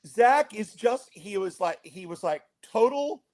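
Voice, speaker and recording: An older man with a notably high speaking voice tells a rambling podcast story. He acts out each quoted line as he goes. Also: measured pace. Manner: animated storyteller acting out quotes. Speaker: guest, father of the groom.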